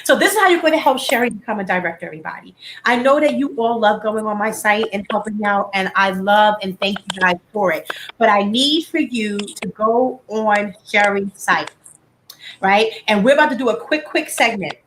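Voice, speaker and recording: A woman hosting a casual live beauty stream from home, chatty and animated, full of "like" fillers. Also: medium pitch, moderate pace, a little hiss or hum, low-quality recording. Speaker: host of a live beauty chat.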